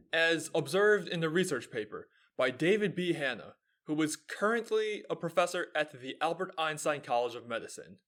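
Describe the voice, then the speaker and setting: A man's voice: on the high side, a bit bright. A young man with an American accent hosting his own video show, explaining in an upbeat, lecturing way. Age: young adult. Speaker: host. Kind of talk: lively explanatory video talk.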